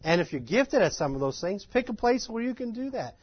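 A man giving an informal, animated and self-deprecating lecture to a live class of ministry students, in a folksy manner. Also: sits high, fairly quick, husky, dry recording, lo-fi sound. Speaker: ministry trainer.

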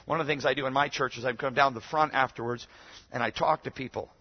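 A man preaching a sermon as pastor, moving between loud, emphatic exhortation and quiet, conversational storytelling. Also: mid-range voice, fairly even intonation, fast, husky. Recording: dull lo-fi sermon recording.

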